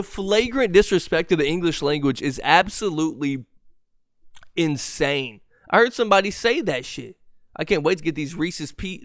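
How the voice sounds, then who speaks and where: A man hosting a solo podcast, ranting with profanity and exasperation, with a lisp and a stutter, his voice wearing hoarse. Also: on the high side, expressive, moderate pace, dry recording, clean studio sound. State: voice going hoarse. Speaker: podcast host.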